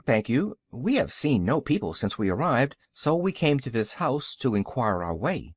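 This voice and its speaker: A man voicing a kindly, courteous little old wizard in an audiobook, measured and polite. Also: mid-range voice, sing-song, husky, no echo.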